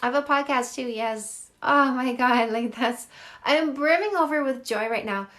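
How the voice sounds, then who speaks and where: Speaking in a high voice with a fairly bright tone, this middle-aged Canadian dating coach runs a phone live stream. Her talk is casual and effusive as she gushes, quick and chatty, over what viewers write.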